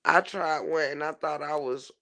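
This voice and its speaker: A man telling a funny story to his chat in a casual, animated way, swearing freely and laughing often. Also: on the high side, normal speed. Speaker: livestream host reading chat.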